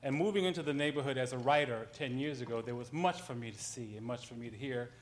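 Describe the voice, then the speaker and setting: A man's voice: mid-range voice, fast talker, a little hiss or hum. A man on a panel, a writer, telling an anecdote in a conversational way, with frequent ums and self-corrections.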